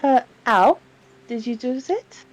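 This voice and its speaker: A woman in a tabletop game session speaks slowly and hesitantly, voice a little high. She asks questions in character. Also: animated, slight background noise, rough recording. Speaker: player.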